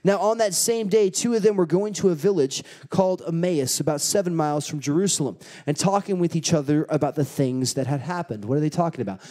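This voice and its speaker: A pastor preaching a sermon with animated storytelling and rousing emphasis. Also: male voice, fairly high pitch, brisk, hardly any pauses. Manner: animated storytelling, acting out quotes.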